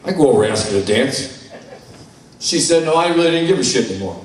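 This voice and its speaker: A man's voice: medium pitch, animated, fast talker. An older man from New York giving a candid, blunt personal testimony at a conference, telling his story with salty language. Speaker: conference speaker. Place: large conference hall. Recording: echoey hall, mic from far off.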